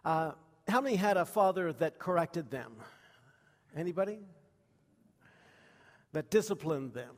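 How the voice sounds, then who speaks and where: Folksy pastor in a reverberant hall. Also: male voice, a little high, lively intonation, unhurried, pauses often. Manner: folksy, many fillers, asks the congregation questions. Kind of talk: sermon with personal stories.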